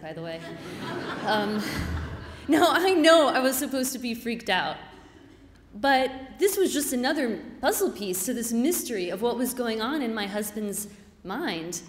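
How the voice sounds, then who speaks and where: A woman giving an earnest, reflective personal story on stage before a live audience. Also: fairly high pitch. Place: stage in a hall. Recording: reverberant hall.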